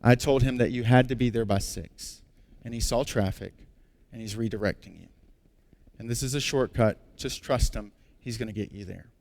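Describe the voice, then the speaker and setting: A man voicing a calm male translator who reassures a frightened friend in a soft, steady voice. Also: medium pitch, moderate pace, gravelly, voice pushed down, lightly acted. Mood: soothing.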